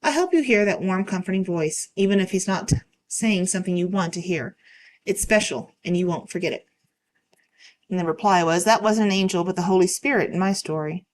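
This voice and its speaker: A woman reading online stories aloud in a calm, steady way. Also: fairly low pitch, brisk. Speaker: narrator reading online posts.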